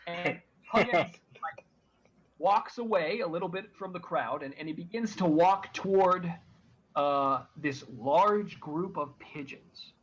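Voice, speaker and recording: A man narrating as game master of a tabletop game, halting and full of restarts. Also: high voice, muffled recording, a little hiss or hum.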